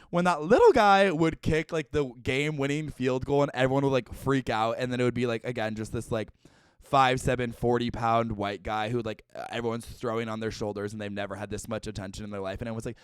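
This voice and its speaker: Sarcastic young man with a smooth voice. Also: mid-range voice, steady tone, fairly quick, no room sound, clean studio sound. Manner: sarcastic, profane, gossipy. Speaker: podcast host. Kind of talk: casual comedic chat.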